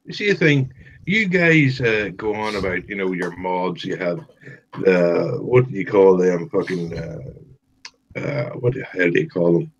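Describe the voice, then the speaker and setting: Low-voiced man on a dull mic. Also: animated, a little slow. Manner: rambling storyteller, searches for words. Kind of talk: casual chat.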